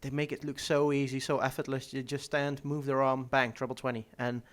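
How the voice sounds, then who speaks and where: Fast-talking young man, halting answers. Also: medium pitch, flat delivery. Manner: halting, restarts words, laughs often. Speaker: professional darts player. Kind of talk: casual interview answers. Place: stadium media day.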